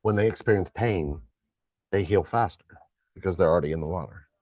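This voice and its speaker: A man's voice: low voice, brisk, darkish tone, no echo, dull audio. A man co-hosting a casual live spiritual chat stream, laughing often and trailing off mid-thought.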